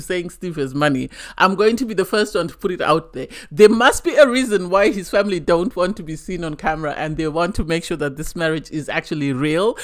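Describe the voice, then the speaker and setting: A woman giving a casual, chatty review of a reality TV episode, opinionated and fond of repeating phrases for emphasis. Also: on the low side.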